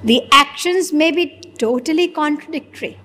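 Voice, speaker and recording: A woman's voice: sits high, moderate pace, sharp tone, a little hiss or hum. A woman giving a sermon, asking rhetorical questions and acting out imagined conversations. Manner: rhetorical, plays out imagined dialogues. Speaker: spiritual lecturer. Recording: long hall reverb.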